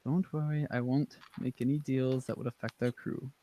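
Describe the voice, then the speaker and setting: A man's voice: medium pitch, fairly even intonation, normal speed, mellow, slight background noise, close to an everyday voice. A man playing a charming half-elf rogue who talks politely and hesitantly in a tabletop game.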